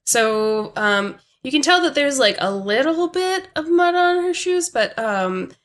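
A woman's voice: high voice, expressive, unhurried, a bit bright. A woman game master narrating a comedy tabletop game, casual and hesitant with lots of ums.

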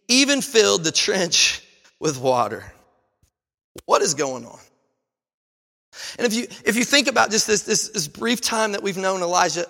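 A man preaching a sermon as pastor, emphatic and animated, firing off rhetorical questions and stumbling over repeated words. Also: high voice, long reverb tail. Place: church sanctuary.

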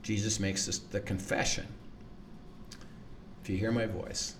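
A man's voice: on the low side, level tone, unhurried, far from the mic, background noise. A man teaching the Bible in conversation, earnest, acting out quoted lines and often repeating words.

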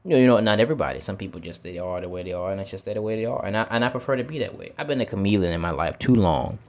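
Outdoors with his feet dipped in water, a teacher delivers a casual, reflective monologue, repeating words and swearing from time to time. He speaks very fast and expressively, in a lowish, darkish voice.

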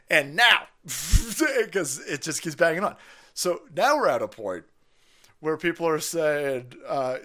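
A man hosting a livestream, ranting in a profane, sarcastic, mocking way, often laughing and yelling. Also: on the high side, very animated, takes it slowly. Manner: frequent laughter and sudden yells. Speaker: stream host. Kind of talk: livestream commentary rant.

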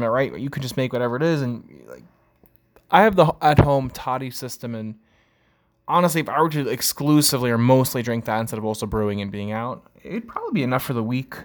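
A man hosting his own podcast, rambling casually with many fillers and making jokes at his own expense. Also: mid-range voice. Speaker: podcast host. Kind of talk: casual solo podcast chat.

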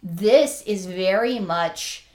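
A woman's voice: medium pitch, drawn-out words, a little mellow. A woman co-hosting a casual podcast, talking through a book thoughtfully and analytically, with frequent ums. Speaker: podcast co-host.

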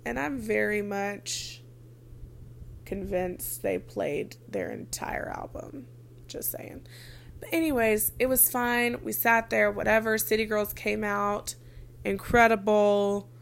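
Young woman, chatty vlogger storytelling, light vocal fry. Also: medium pitch, slight background noise. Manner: chatty, frequent "like" fillers, casual swearing. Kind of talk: casual storytelling.

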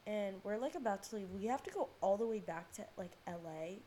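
A teenage girl hosts a podcast, telling a rambling story in a casual monologue with lots of fillers and swearing. Her medium-pitched voice is warm and animated and moves a little fast, with a little hiss or hum in the recording.

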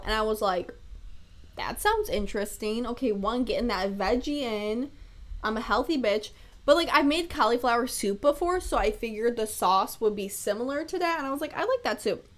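Young woman, podcast host, casual solo chat, slightly high voice, laughs a lot, swears casually. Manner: chatty and animated, laughs often, swears freely.

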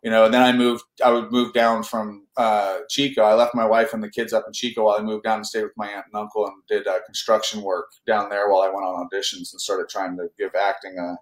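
A man's voice: fairly low pitch, flat delivery, fast talker, hardly any pauses. Rambling man telling stories in an echoey room. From Northern California. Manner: rambling storyteller, many fillers and restarts. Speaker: actor, interview guest. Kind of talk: casual storytelling interview.

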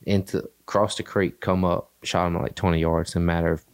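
A man's voice: low-pitched, flat delivery, brisk, smooth. A man hosting a podcast, telling a hunting story in a rambling, casual way with many fillers. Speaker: podcast host. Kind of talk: casual chat.

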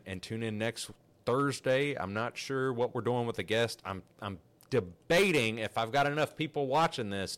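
A man hosting a podcast, telling a story in a casual, animated, rambling way with frequent restarts. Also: fairly low pitch, clean tone. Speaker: podcast host.

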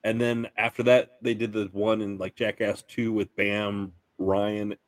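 A man co-hosting a podcast in casual chat, jumping in with quick jokes and references. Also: lowish voice, level tone, dry recording. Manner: quick, joking. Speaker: podcast co-host.

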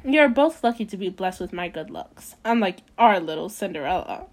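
A woman's voice: mid-range voice, animated, fairly quick. A woman voicing a vain, boastful stepmother in a storybook, speaking in a smug way.

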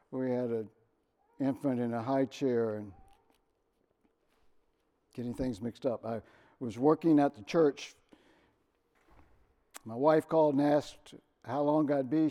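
A middle-aged pastor preaching a sermon, telling personal stories with dramatic swings from quiet to loud. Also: male voice, medium pitch. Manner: earnest, storytelling with dramatic swings in loudness.

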